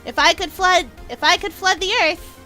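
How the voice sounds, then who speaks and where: Bubbly high-voiced woman streamer. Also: moderate pace, sharp tone, faint music behind. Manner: bubbly, giggly. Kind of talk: casual gaming livestream reading aloud.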